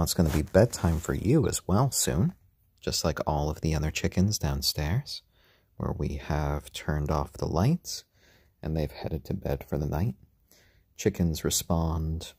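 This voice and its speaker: Tired low-voiced man, soft husky chat. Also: no echo, studio quality. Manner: gentle, unhurried, coos to a chick in a high voice. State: tired after a long workday. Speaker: live-stream host. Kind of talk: casual live-stream chat. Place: at home, indoors.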